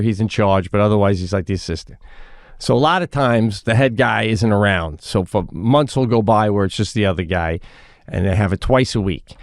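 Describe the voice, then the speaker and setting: A man's voice: fairly low pitch, no room sound, clean studio sound. A middle-aged man co-hosting a podcast, telling a funny story and acting out the people in it. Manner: animated storyteller who acts out the people in his stories. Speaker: podcast co-host. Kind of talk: comedic storytelling chat.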